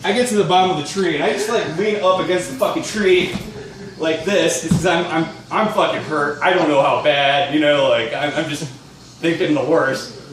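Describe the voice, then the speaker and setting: High-voiced young man telling a wild story. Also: normal speed. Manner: profane, rambling, laughs through his story. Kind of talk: casual personal anecdote. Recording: echoey room, distant mic, faint noise.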